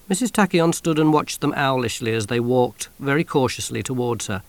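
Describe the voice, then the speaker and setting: A man narrating an audiobook in an expressive, wry storytelling manner on a close studio mic. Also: mid-range voice, brisk, few pauses, dry recording.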